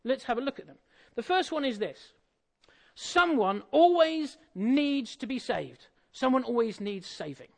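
A preacher with a notably high voice gives a relaxed, humorous sermon. He keeps turning to the listeners with questions and asides. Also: a little slow, creaky. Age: adult, married. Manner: conversational, jokey, asks the audience questions.

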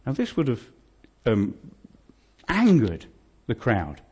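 A man preaching to a congregation, his middle-pitched voice swinging up and down as he tells the story. He talks to his listeners in a vivid, conversational way and keeps asking them questions. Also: wildly swooping pitch, takes it slowly, warm tone, breathy edge. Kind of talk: sermon storytelling. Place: church hall.

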